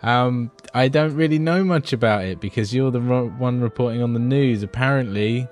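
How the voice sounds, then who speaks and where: A man's voice: mid-range voice, moderate pace, darkish tone. A man with a mid-range voice chats through gaming news in a loose podcast. He sounds laid-back and easily amused, and swears casually. Faint music plays underneath. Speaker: podcast co-host.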